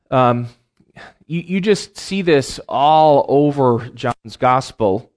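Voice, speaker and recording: A man's voice: mid-range voice, animated, slow pace, a little mellow. A middle-aged man teaching a Bible class in a lecture, who explains terms plainly and repeats his key phrases, with many ums and uhs.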